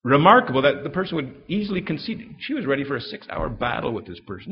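Fast-talking gravelly man preaching. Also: medium pitch, very animated, highs cut off. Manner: fast storytelling, acting out quoted dialogue. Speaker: Christian speaker. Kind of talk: live talk to an audience.

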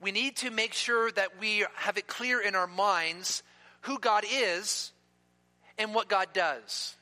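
A man preaching a sermon in an emphatic way, slowing down to stress key words. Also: high voice, sharp tone. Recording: long reverb of a hall.

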